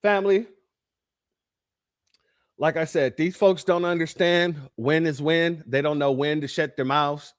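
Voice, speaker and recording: A man's voice: on the high side, fairly even intonation, measured pace, long pauses. A man hosting a livestream commentary, talking emphatically to his chat, calling them family and repeating phrases for effect. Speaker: livestream host.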